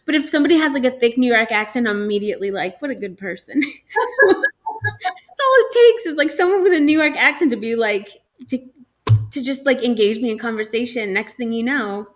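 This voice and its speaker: Co-hosting a laid-back talk podcast, this young New Jersey woman chats away, filling her speech with fillers and frequent laughter. She speaks at normal speed in an expressive voice on the high side.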